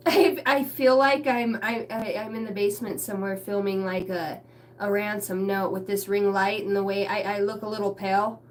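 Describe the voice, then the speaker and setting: A woman's voice: mid-range voice, little pitch movement, slight background noise. A woman rambling casually to camera from a basement, laughing often and swearing as she tells stories. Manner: laughing, profane, storytelling with quick asides. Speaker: spiritual reader and vlogger. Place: basement room lit by a ring light.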